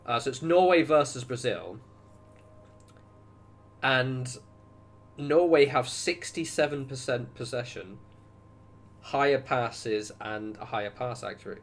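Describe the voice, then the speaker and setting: A young man streams a game and chats casually with his viewers, rambling and often breaking off mid-sentence with asides. His voice is medium-pitched and a little slow, with long pauses and slight background noise.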